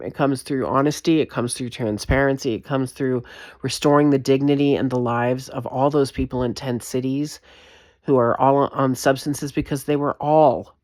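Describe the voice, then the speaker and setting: A woman's voice: rumbling low, a little mellow, no room sound, clean studio sound. A woman giving an impassioned vlog rant, emphatic and repetitive, swearing freely. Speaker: vlogger.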